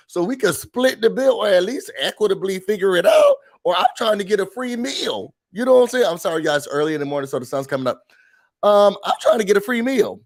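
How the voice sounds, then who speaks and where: Guy hosting a morning chat show, kinda high voice, jokey, acts stuff out. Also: gravelly. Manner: chatty, joking, acts out little scenes. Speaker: host. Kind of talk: casual commentary on a video.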